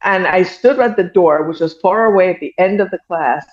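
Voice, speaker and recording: A woman's voice: on the low side, moderate pace. A middle-aged woman from an Iranian American background, a guest telling a story in casual chat and acting out what other people said. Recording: muffled dull audio.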